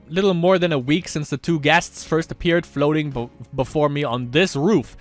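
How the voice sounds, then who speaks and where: A man's voice: a little high, moderate pace, hardly any pauses, no echo, soft background music. A man doing casual let's-play commentary, reading a visual novel aloud with rambling asides and frequent laughter.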